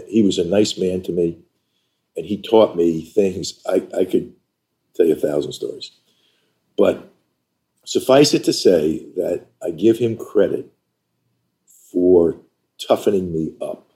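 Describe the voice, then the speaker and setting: An older man from New York, an interview guest telling stories about his career in an animated, emphatic way. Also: deep voice, a little slow, long pauses. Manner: animated, emphatic storyteller who acts out quoted dialogue. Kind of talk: conversational storytelling.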